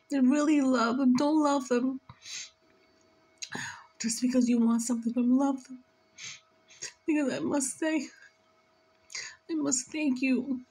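Teary woman doing a spiritual reading, high voice, slow and earnest, pleading then scolding. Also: warm tone, slightly rough, rough recording. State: tearful. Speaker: spiritual reader. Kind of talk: emotional spiritual reading monologue.

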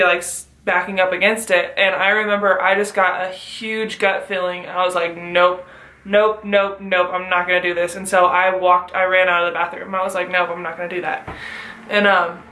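A woman's voice: medium pitch, bright, forceful tone, roomy sound, a little hiss or hum, poor audio. A young woman vlogger casually telling a wild personal story, swearing often and laughing through it. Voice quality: frequent swearing.

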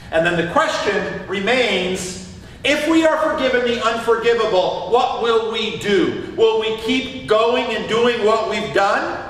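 A male pastor's raised voice carries through a big church sanctuary, picked up by a distant microphone. He preaches and poses question after question to the congregation. The long, booming reverb and faint room hiss make him sound far off. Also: a bit bright. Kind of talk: sermon. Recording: echoey church hall from far off.

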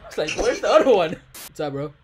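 A man's voice: on the high side, very animated, fast talker, noisy background. Hyped young man teasing strangers online. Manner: teasing, hyped, calls everyone bro. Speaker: host. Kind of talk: playful chat with strangers online. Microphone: webcam video chat.

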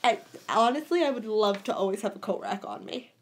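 A young woman co-hosting a podcast, joking and laughing in casual chat. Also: medium pitch. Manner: playful, laughs a lot, quick jokes. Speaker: podcast co-host.

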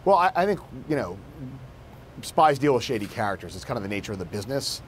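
A man's voice: medium pitch, sing-song, fast, a little hiss or hum. A man, a national security correspondent, explaining his reporting as a news interview guest, with fillers and restarts.

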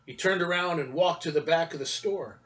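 A man reading a children's story aloud at a church story time, in an expressive storytelling manner. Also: a little high, fairly quick, distant mic, poor audio.

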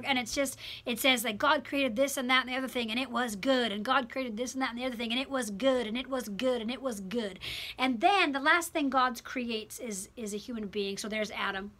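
A woman teaching a religion class in a classroom, talking in an animated, emphatic way and repeating words for effect. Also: sits high. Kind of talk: classroom lecture.

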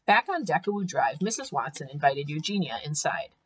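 A woman teacher reading a storybook aloud to young children, with expressive, clear storytelling. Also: sits low, brisk.

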